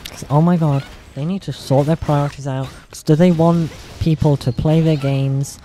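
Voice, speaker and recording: A woman streamer chatting casually on stream, rambling, swearing and giggling, and practising a higher voice. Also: steady tone, normal speed, dark tone. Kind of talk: casual livestream chat.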